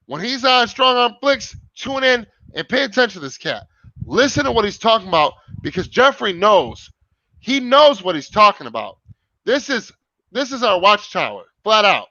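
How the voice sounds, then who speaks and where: A man's voice: high voice, sing-song, normal speed, sharp tone, no echo. A young man hosting a casual livestream over a video call, talking emphatically and swearing often. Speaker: livestream host. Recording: dull lo-fi stream audio.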